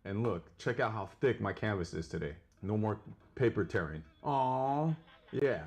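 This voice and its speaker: Young male comic, slightly low voice, earnest rambling painter-guru monologue. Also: normal speed, vocal fry. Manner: earnest self-help delivery, rambling with restarts. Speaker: comedic painter. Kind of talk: mock painting tutorial monologue.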